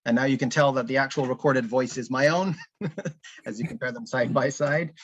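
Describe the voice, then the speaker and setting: A man's voice: mid-range voice, moderate pace, slightly rough, muffled recording. A man giving a casual online presentation of a learning app, thinking aloud with frequent ums and restarts. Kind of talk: live online conference presentation.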